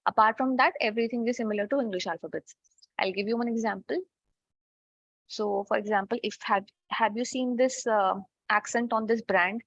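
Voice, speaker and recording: A woman's voice: a little high, fairly even intonation, fairly quick, fairly bright tone, dry recording. A woman teaching French in an online class, explaining step by step and checking in with "okay" often. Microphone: video call. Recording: dull lo-fi online call audio.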